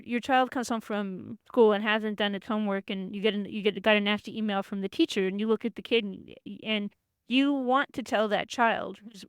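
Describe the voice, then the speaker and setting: Woman lecturer, smooth resonant voice, dry close sound, conversational explaining, mid pitch. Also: dry recording. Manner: acts out quoted voices, frequent restarts. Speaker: workshop presenter.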